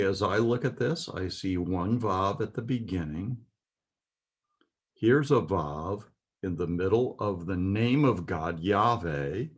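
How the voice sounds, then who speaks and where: A man's voice: deep voice, husky. A man teaching a Biblical Hebrew lesson, explaining letters methodically with occasional fillers. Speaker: Bible language teacher.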